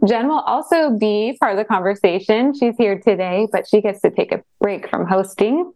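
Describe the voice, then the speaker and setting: A woman with a mid-range voice co-hosts a podcast chat. Her delivery is friendly and measured, a little scripted as she lays out the episode. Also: medium pitch, expressive, mellow. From Portland, Oregon. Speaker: co-host asking questions. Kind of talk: casual podcast conversation.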